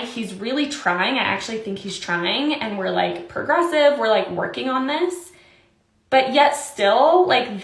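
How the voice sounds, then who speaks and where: A woman and mother talking about her family in a frustrated personal vlog, halting with many fillers and crying. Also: mid-range voice, fairly bright tone, roomy sound. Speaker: mother sharing a personal video.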